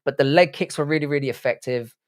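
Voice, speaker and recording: A man's voice: a little high, fast. Swearing, joking male stream host. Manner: profane, joking banter with chat. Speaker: livestream host reacting to fights. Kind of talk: casual live-stream chat.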